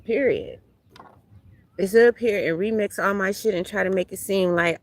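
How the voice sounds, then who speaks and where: A woman's voice: on the high side, normal speed, no room sound. Blunt, profane woman reading tarot. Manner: blunt, profane, animated talk to viewers. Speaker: tarot reader. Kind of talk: casual livestream tarot reading. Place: outdoors at a beach.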